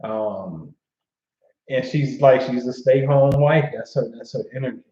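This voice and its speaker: A man hosts a laid-back livestream, talking in a loose, slangy way and often checking in with "you know what I'm saying." His voice sits at an ordinary middle pitch. The sound is a bit roomy and slightly muffled, like a home setup. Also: measured pace, mellow. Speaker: astrology livestream host. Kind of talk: casual livestream chat reading viewer comments.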